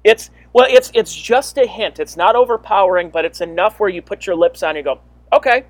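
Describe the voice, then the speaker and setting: A man's voice: high-pitched, fairly quick, dry recording. A man hosting a casual podcast interview, talking in an easygoing, chatty way. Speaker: podcast host.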